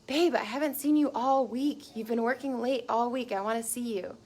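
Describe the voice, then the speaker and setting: A woman mimicking a clingy girlfriend who misses her partner, in a high, pleading, whiny voice. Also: moderate pace, darkish tone, natural voice.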